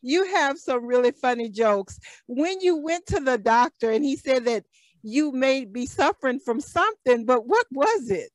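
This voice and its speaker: A woman's voice: high voice, animated, moderate pace, no room sound, poor audio. A woman hosting a morning radio show, asking a guest questions and laughing along.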